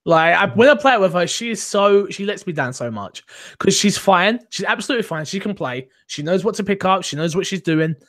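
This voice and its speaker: A man's voice: high-pitched, fairly quick. A man hosting a casual gaming podcast, joking and teasing with mock boasts. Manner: animated, joking, self-mocking boasts. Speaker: podcast host and streamer.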